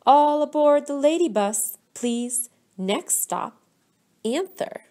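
A woman's voice: sits high, animated, takes it slowly, darkish tone, voice pushed up. A woman voicing a cheerful, adventurous teacher in a storybook read-aloud. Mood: upbeat.

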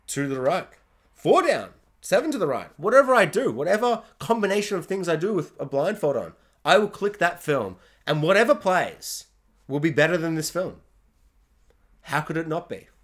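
A man's voice: a little high, big pitch swings, normal speed, a bit bright. A man giving a casual, sarcastic spoken film review, exasperated and acting out scenes in silly voices. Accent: Australian.

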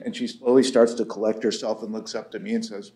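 A man's voice: on the low side, little pitch movement, fast, dark tone. A man in his forties giving a conference lecture, wry and story-driven, often checking in with "right?". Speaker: conference speaker, war college lecturer. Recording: echoey lecture room.

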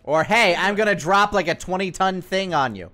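A man chats through a co-op game stream, sarcastic and quick to swear. His voice sits a touch high and swings widely in pitch. Faint music runs behind him. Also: expressive, sharp tone. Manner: joking, sarcastic, swears freely. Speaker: gamer. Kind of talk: casual co-op game stream chat.

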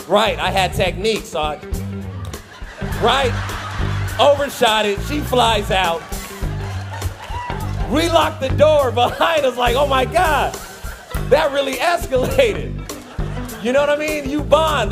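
Comedian, male, high voice, animated storyteller full of "you know" asides, music bed underneath. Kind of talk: comic storytelling.

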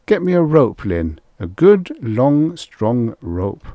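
A man's voice: medium pitch, big pitch swings, slow pace, mellow, no room sound, studio quality, voice pushed up. A man voicing a cruel male expedition leader who speaks with mocking geniality. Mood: commanding.

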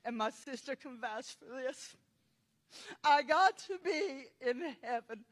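A woman preaching a fervent testimony, crying and shouting her words, breaking into laughter between phrases. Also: high-pitched, lively intonation, slow. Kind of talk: emotional sermon testimony. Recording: long hall reverb.

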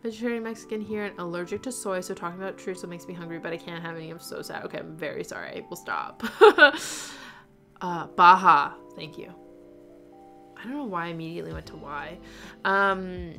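Female streamer, chatty and giggly, lowish pitch with gravelly fry, reads chat aloud over faint guitar. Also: fairly quick, fairly bright tone. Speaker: knitting livestream host. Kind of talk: casual chat, reading viewer comments aloud.

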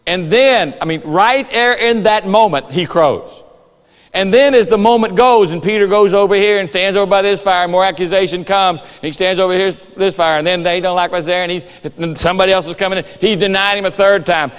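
Man, preacher, higher-pitched voice, long church reverb, animated storytelling sermon. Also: fairly quick, clean tone. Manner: animated storytelling with acted-out voices and rooster calls. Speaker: pastor. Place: church sanctuary.

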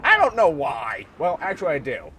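An American man giving casual joking commentary over a war strategy game, talking to his soldiers and sometimes yelling at them. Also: fairly high pitch, wildly swooping pitch, normal speed, a little hiss or hum. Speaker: gameplay commentator. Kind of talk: casual let's-play commentary.

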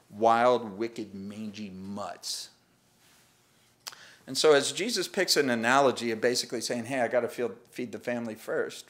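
A man's voice: lowish voice, fairly bright tone. A male pastor preaching a sermon in a conversational way, acting out the people in the story.

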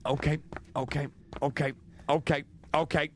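A man's voice: fairly high pitch, little pitch movement, moderate pace. Young man, streamer, nervous repeated exclamations, strained voice, faint hiss behind. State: losing his voice. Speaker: gaming streamer. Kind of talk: live horror game commentary.

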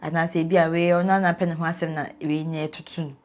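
A woman's voice: deep voice, little pitch movement, quick pace, a little mellow. A woman with a Ghanaian accent hosting an interview, affirming her guest often. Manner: affirming with amens and mm-hmms. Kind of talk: interview talk.

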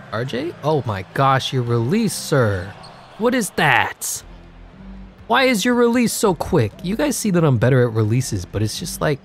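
A man giving jokey, excitable play-by-play over a video game, his voice congested and wearing out, breaking into sudden yells. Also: mid-range voice, vocal fry. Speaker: gaming commentator. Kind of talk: live game commentary.

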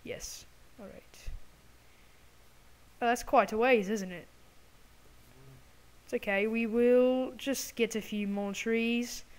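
Speaking slowly with long pauses, this woman has a slightly high, somewhat mellow voice and an even tone. She's a gaming channel host commenting on gameplay, chatting away in a fake, exaggerated British accent and offering apologetic asides to her audience.

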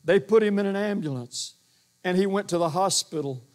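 An older pastor preaches with a booming voice that sits a little high for a man. He rambles and restarts, acting out quotes as he goes. He speaks from inside a church. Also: moderate pace. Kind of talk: sermon. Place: church sanctuary.

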